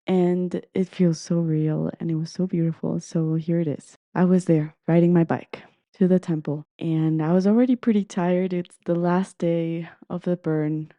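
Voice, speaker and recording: Woman podcast host, earnest and heartfelt storyteller, very mellow tone, dull lo-fi sound. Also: on the low side, no room sound. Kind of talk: personal storytelling.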